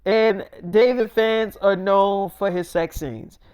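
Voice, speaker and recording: High-voiced man telling a slangy story. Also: steady tone, slow, darkish tone, smooth. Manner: casual, slangy, profane. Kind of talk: improvised freestyle storytelling.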